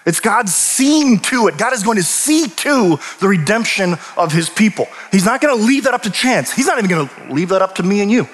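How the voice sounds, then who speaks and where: A man preaching a sermon, animated and emphatic, often restarting his sentences. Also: high voice, brisk, hardly any pauses. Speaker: pastor and teacher. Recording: long reverb of a large hall.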